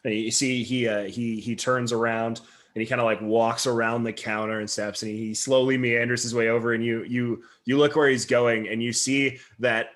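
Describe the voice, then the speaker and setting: A man's voice: medium pitch, little pitch movement, normal speed, a bit bright. A man narrating a tabletop role-playing game as game master, rambling with many restarts.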